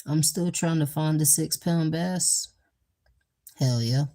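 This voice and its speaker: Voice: medium pitch, slow, warm tone. A host who chats in a goofy, rambling way during a casual cooking livestream in a home kitchen. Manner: goofy and rambling, with sound effects. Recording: noisy with clicks.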